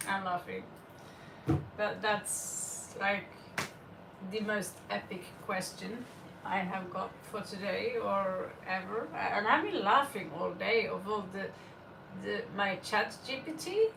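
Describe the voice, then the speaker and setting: A woman's voice: medium pitch, slow, vocal fry, recorded from a distance, background noise. Giggly woman tarot reader, echoey room. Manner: giggly, laughs often. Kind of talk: live-stream chat.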